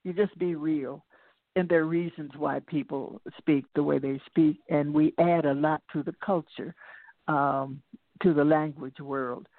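An older woman talks as an interview guest, her voice gravelly and textured. She tells stories reflectively, drifting off on side paths and restarting before circling back. It comes through a tinny, phone-like line with a dry, close sound. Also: sits low, fairly even intonation, measured pace, no room sound. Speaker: interview guest, singer and lecturer. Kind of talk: reflective conversational storytelling.

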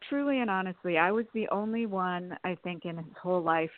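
A woman's voice: fairly low pitch, a little fast, no room sound. Chatty woman telling stories over a phone line. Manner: chatty, laughs often while telling stories. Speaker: interview guest. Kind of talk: storytelling in a phone interview.

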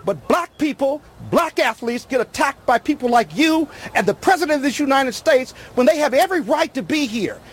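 A man with a strikingly high voice argues hotly on a news panel. He is forceful and keeps pressing over his opponent, without pause. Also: lively intonation. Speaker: political commentator. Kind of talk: heated cable news debate.

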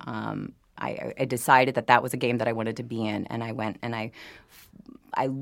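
A woman from New Orleans speaks as a voice actor guest on a casual podcast. Her voice is low and the sound is dry, and she tells her stories eagerly, often restarting her sentences. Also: no room sound.

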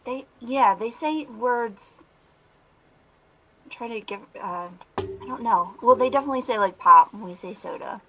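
A woman with a Philadelphia accent co-hosting a casual talk show, chatty and quick to laugh. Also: a little high, lively intonation, bright, forceful tone, a little hiss or hum, rough recording. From Philadelphia area, USA. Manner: chatty, giggly, laughs often. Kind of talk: casual podcast chat.

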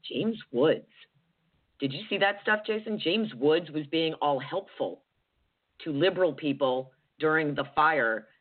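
A woman's voice: expressive, unhurried. A woman hosting a political talk show, talking earnestly and getting emotional as she comments. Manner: emotional, earnest, wide pitch swings. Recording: tinny phone-like audio.

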